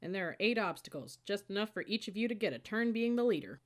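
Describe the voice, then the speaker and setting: A woman reading as a brisk male senior cadet. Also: mid-range voice, lively intonation, voice pushed up, close to an everyday voice. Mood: upbeat. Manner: brisk, upbeat, instructing.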